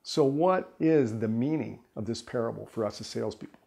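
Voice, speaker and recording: Brief: male sales trainer, animated conversational storyteller, rapid delivery. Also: mid-range voice, vocal fry. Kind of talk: telling a parable in a training video.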